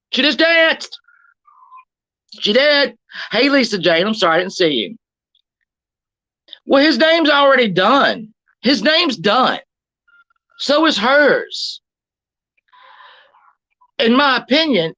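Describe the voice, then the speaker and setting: Lady ranting on her livestream, cusses a lot, sharp bright voice, dull lo-fi audio. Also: fairly high pitch. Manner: blunt and profane, ranting, greets chat viewers. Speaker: livestream host. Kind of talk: casual livestream commentary.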